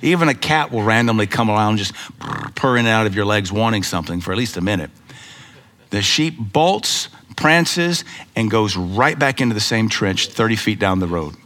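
A middle-aged American man, a pastor, preaching a sermon with lively storytelling and rhetorical questions. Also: brisk. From United States. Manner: animated storytelling preacher, rhetorical questions, voices pitch up for emphasis.

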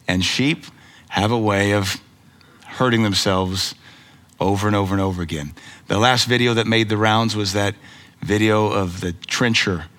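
A middle-aged American man, a pastor, preaching a sermon with lively storytelling and rhetorical questions. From United States. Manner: animated storytelling preacher, rhetorical questions, voices pitch up for emphasis.

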